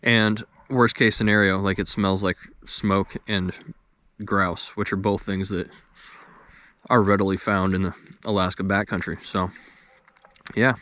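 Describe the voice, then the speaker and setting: A man's voice: low voice, flat delivery, measured pace, pushed and bright. Easygoing man chatting by a campfire. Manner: easygoing, rambling, talks while eating. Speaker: outdoors vlogger. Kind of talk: casual talk to camera. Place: outdoors by a campfire.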